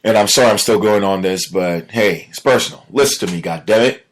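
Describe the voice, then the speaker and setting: A man hosting a casual solo podcast, telling a personal story in an animated way that sinks to a low mutter when he is upset. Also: brisk. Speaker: podcast host.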